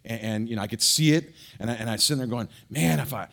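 Animated middle-aged man preaching a sermon. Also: medium pitch, fast talker. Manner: animated storyteller with frequent restarts and fillers. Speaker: pastor. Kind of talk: sermon with personal storytelling.

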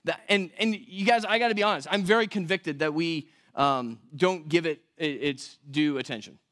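A male pastor with a notably high voice for a man, preaching in a loose, conversational way. He poses questions to the congregation and fixes his own slips out loud. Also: moderate pace. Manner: conversational, asks rhetorical questions, corrects himself aloud. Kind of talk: sermon. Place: church.

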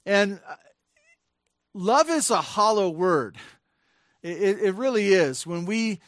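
Male pastor, talky sermon delivery, slightly high voice, dry close recording. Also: expressive, takes it slowly, a bit bright, no echo. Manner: conversational preaching with frequent fillers and restarts; rises to emphatic bursts on key points.

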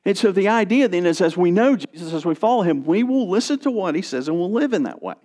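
A man's voice: sits high, fast talker. A man preaching a sermon as pastor, speaking with strong emphasis and occasional restarts. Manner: expressive preaching with rising and falling emphasis, some restarts.

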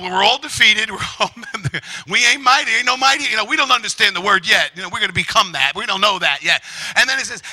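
Middle-aged new preacher guy, real high bright voice, yelling and storytelling. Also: fairly quick, rough recording. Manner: shouting, animated, storytelling with acted quotes. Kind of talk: lively sermon testimony.

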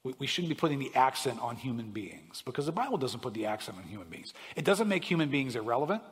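A man preaching a sermon, reading scripture with emphatic swells and dropping to quiet asides, often checking in with "right?". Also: medium pitch, sing-song, quick pace, breathy edge, long reverb tail. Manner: preaching with emphatic rising and falling delivery, frequent "right?". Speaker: pastor.

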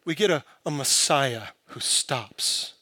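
A man preaching a sermon, building from quiet, searching questions to impassioned, emphatic peaks. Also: medium pitch, lively intonation, takes it slowly, no room sound. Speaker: pastor.

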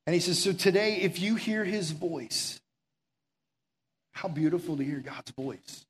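A young man delivering a sermon in a slightly high voice. He pleads earnestly and urgently, then slips into relaxed storytelling full of filler words, sometimes dropping to a quiet, intimate tone. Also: measured pace. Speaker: pastor.

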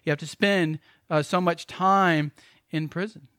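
A man preaching a sermon as pastor, emphatic and pleading, swinging from loud exclamations to hushed lines. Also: on the high side, fairly even intonation, unhurried, no room sound, studio quality.

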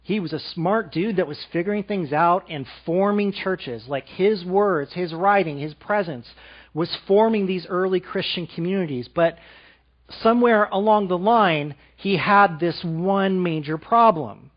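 High-voiced man preaching a sermon. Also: a little slow, dull audio. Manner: engaging, asks the audience questions; drops to a soft, quiet voice for emphasis.

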